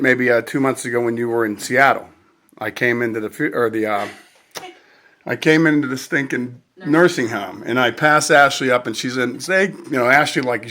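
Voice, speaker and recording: A man casually telling family stories at a funeral luncheon, relaxed and acting out the lines he quotes. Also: mid-range voice, moderate pace. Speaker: family member sharing memories.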